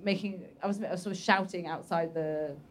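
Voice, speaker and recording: A woman's voice: on the low side, steady tone, a little fast. A woman comedian with a posh voice, telling rambling, self-mocking stories in casual chat. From London. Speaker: comedian guest.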